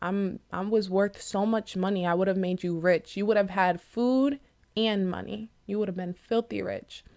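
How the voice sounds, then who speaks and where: A woman's voice: mid-range voice, steady tone, normal speed, a little mellow, lightly acted. A woman voicing a smug male nightingale in a casual retelling of a fable, lecturing and mocking with loose everyday fillers. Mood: gloating. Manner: mocking, lecturing, laid-back with many fillers. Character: smug male nightingale, small talking bird.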